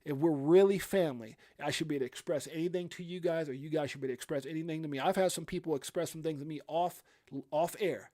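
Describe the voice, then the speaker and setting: A man's voice: fairly high pitch, fairly even intonation, very fast, darkish tone. A middle-aged man hosting a live crypto stream, talking in a heartfelt, emphatic way with many fillers and restarts. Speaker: crypto livestream host.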